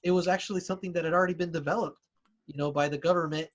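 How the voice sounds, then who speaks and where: A man's voice: fairly high pitch, steady tone, rapid-fire, highs cut off. A man co-hosting a podcast, explaining his points casually with many "you know"s and restarts. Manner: hesitant, many fillers and restarts, explains with examples. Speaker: podcast co-host. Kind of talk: casual chat.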